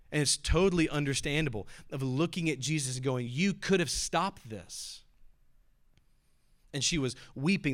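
A man preaching a sermon with earnest delivery. He slows down to stress key phrases and goes soft and quiet on solemn words. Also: mid-range voice. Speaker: pastor.

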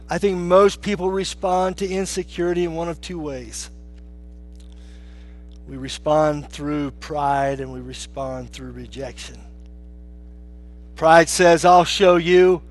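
A man preaching a sermon as pastor, swinging between hushed, low lines and raised, emphatic ones.

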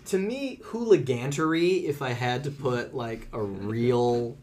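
An American-born man talking as a comedy guest on a podcast. He rambles from joke to joke and swears casually. His voice sits in an ordinary middle pitch. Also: expressive, unhurried, darkish tone. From United States. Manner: joking, rambling, swearing freely.

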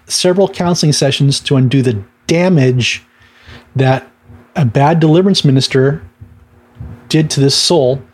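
A man's voice: fairly high pitch, darkish tone, slightly rough. A middle-aged man, a minister giving a casual teaching talk, telling stories with fillers and little laughs. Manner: conversational storytelling with laughs and fillers.

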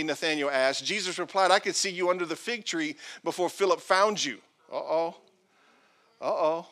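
A man's voice: a little high, lively intonation, moderate pace, fairly bright tone. A male pastor preaching a sermon, reading scripture aloud with playful asides and acted-out quotes.

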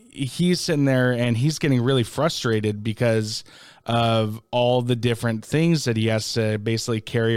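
Smooth-voiced man, easygoing and dry. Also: mid-range voice, darkish tone, no room sound. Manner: easygoing, halting with many fillers. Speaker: educator, podcast guest. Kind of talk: casual conversation. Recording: dry, close sound.

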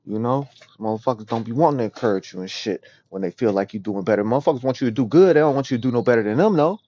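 A man giving a raw, rambling, profane confessional monologue as a podcast host, often dropping to a low murmur. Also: animated, racing, warm tone. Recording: dull dry lo-fi recording.

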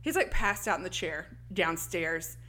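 A woman recapping a film in casual chat, animated and laughing often. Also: on the low side, a little slow.

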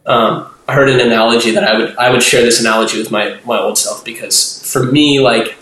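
A man's voice: mid-range voice, fairly even intonation, brisk, fairly bright tone. A young man talking casually as a podcast guest. His voice sits in the middle range, and he rambles, leaning on "like" and restarting his sentences. The recording has a noticeable roomy echo. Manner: rambling, heavy use of "like" and restarts, acts out voices. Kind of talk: casual interview talk.

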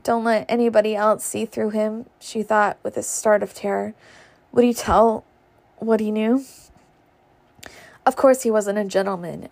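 A woman's voice: mid-range voice, vocal fry, a little mellow. A woman reading a classic novel aloud casually, stumbling over words now and then. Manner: stumbles and laughs at slips. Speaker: reader.

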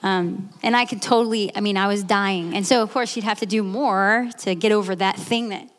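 A woman in her late thirties giving a candid, earnest personal testimony, with restarts and quick laughs. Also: medium pitch, steady tone. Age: 30s. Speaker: guest speaker. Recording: echoey hall.

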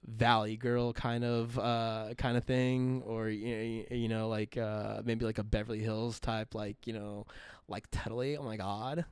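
A young man from California with a relaxed Californian accent, chatting casually as a podcast host, rambling with lots of fillers. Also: lowish voice, measured pace, clean tone, no room sound. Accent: Californian, laid-back surfer type. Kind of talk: casual chat.

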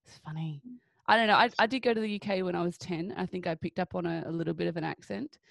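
Gravelly-voiced Australian woman host. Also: lowish voice, quick pace, no echo, clean studio sound. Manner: chatty, laughs often. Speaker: podcast host. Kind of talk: casual interview chat.

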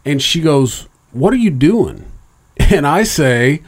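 A man's voice: fairly high pitch, big pitch swings, slow pace, husky. A middle-aged man telling a long story in casual, profane chat, rambling, with lots of fillers and restarts, raising his voice when he quotes others.

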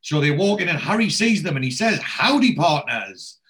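A man's voice: sits high, lively intonation, fast, fairly bright tone. A man hosting a podcast, recapping a TV episode in casual chat as a rambling storyteller full of restarts and asides.

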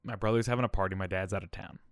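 Candid man with a lowish voice. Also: fairly even intonation, rapid-fire, vocal fry, no echo. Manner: candid, rambling, keeps adding "all right?" and "okay?". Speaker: podcast host. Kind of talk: personal storytelling monologue.

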